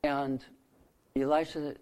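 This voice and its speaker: A man preaching a sermon who retells scripture stories, lifting his voice for quoted lines and dropping soft and low to land a point. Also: little pitch movement, slow pace, smooth. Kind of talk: sermon storytelling.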